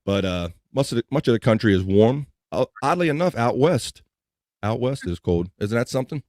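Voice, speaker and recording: On his live podcast, the host, a man with a faint Mid-Atlantic American twang, chats casually and keeps restarting his sentences. He sounds expressive and fairly quick, medium-pitched with a darkish tone, in clean studio audio with no room sound.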